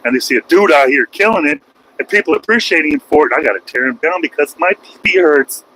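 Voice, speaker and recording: Trucker guy mouthing off on a live stream from his cab, high bright voice, faint road hum. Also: expressive, quick pace, rough recording. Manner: taunting, crude, mocking. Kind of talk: casual livestream rant. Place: truck cab while driving.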